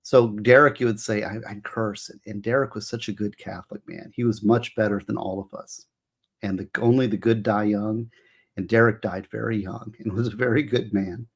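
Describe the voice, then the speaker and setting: A man's voice: fairly low pitch, fairly even intonation, moderate pace, slightly rough. A middle-aged man hosting a casual livestream, rambling and emotional as he explains law. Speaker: livestream host.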